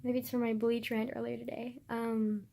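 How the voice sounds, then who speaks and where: A woman's voice: on the high side, flat delivery, moderate pace, creaky, mellow. A young woman vlogging in a casual, rambling way, swearing often and sometimes dropping into a whisper.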